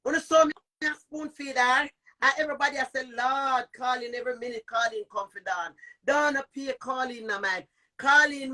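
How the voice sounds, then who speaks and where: A middle-aged woman with a Jamaican accent, ranting on a live stream, cursing, shouting and repeating taunts. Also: a little high, moderate pace. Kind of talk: heated live-stream rant. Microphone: phone.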